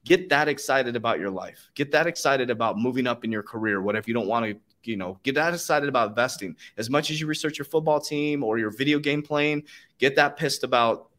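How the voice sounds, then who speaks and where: A man's voice: mid-range voice, a little fast, a bit bright. A man hosting a casual podcast conversation, talking in a fired-up, profane, motivational way and laughing often. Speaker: podcast host.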